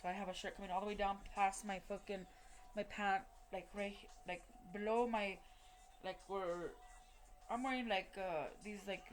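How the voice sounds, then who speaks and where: A woman's voice: medium pitch, fairly even intonation, normal speed, soft background music. A woman recounting a personal story in a rambling, heavily profane way, full of fillers and restarts and acting out what people said. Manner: re-enacts what people said in quoted dialogue. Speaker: vlogger telling a personal story. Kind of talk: casual spoken storytelling.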